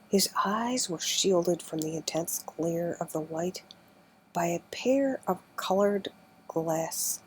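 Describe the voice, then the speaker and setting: A woman narrating an old adventure book in a slow, careful audiobook reading that often sinks to a near whisper. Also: fairly low pitch, a little mellow, slight background noise, rough recording.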